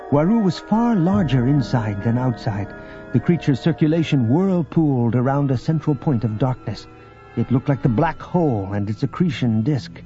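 A man reads an audiobook in a steady, expressive storytelling voice. The audio is dull and lo-fi. Music plays underneath the narration. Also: medium pitch. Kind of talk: scripted narration.

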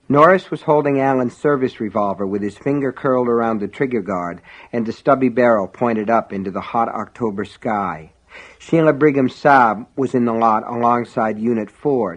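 A man narrating a novel in an even, measured reading. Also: medium pitch. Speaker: audiobook narrator. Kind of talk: scripted audiobook narration. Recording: dull lo-fi audio.

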